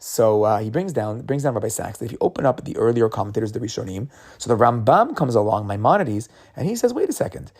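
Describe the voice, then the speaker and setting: A man's voice: on the low side, lively intonation, quick pace, darkish tone. A man giving a casual, conversational Torah talk, often restarting and repeating words as he retells the story. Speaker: Torah teacher.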